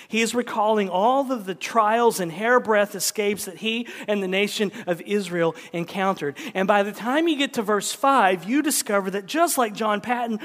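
A man preaching a sermon, telling a story with dramatic quoted voices. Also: high-pitched. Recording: long hall reverb.

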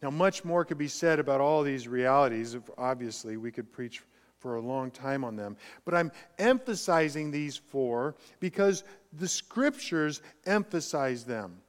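A man preaching a sermon as pastor, emphatic, swinging between quiet and loud passages. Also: mid-range voice, animated, unhurried, long reverb tail.

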